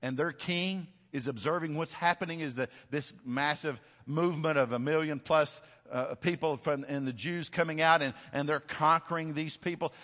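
A man preaching a sermon, storytelling with swings from hushed to loud, shouting peaks. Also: fairly high pitch, fairly even intonation, normal speed, hardly any pauses, in a large hall.

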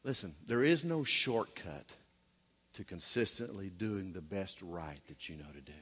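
A man's voice: low-pitched, expressive, unhurried, fairly bright tone, husky. A middle-aged man preaching a sermon in a folksy way, with joking asides and rhetorical questions. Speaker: pastor.

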